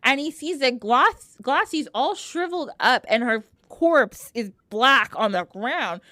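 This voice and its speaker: Animated woman retelling a myth. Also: high voice, unhurried, dry recording, studio quality. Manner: animated, heavy use of "like". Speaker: podcast guest. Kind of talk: casual storytelling.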